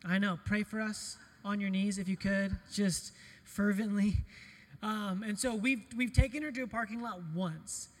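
High-voiced pastor preaching in a reverberant hall. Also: male voice, measured pace. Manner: animated, storytelling, self-deprecating humor. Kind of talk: conversational sermon with personal stories.

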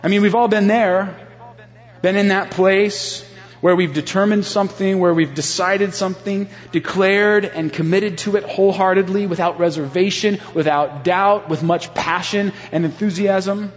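Earnest high-voiced man preaching. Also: steady tone, normal speed. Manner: earnest, speaks directly to listeners. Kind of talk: devotional Bible storytelling. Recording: long reverb, dull sound.

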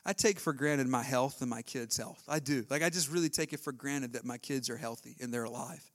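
A man, preaching a sermon with emotion, swinging from hushed passages to loud exclamations. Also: medium pitch, brisk. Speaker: pastor.

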